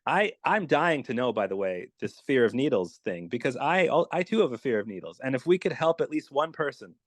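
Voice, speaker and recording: A man's voice: mid-range voice, very animated, a little fast, dry recording. A man with a mid-range voice explains accents as a dialect coach, eager and easy to follow. The sound is close and dry, with no room around it. He talks like a guest chatting on a show. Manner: enthusiastic, explanatory. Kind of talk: casual interview chat.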